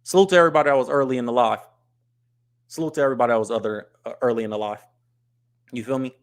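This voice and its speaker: A blunt, straight-talking man from the US West Coast hosts a casual live stream. He has a middle-pitched voice and often stops to read viewer comments aloud. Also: rapid-fire. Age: adult with wife and kids. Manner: blunt and scolding to chat, reads comments aloud. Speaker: livestream host.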